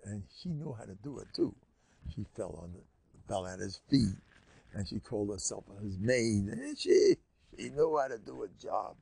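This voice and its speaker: Gravelly older rabbi telling a story. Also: male voice, medium pitch. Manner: animated, colloquial retelling, sprinkled with Hebrew and Yiddish terms. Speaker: rabbi giving a Torah class. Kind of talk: storytelling Torah lesson.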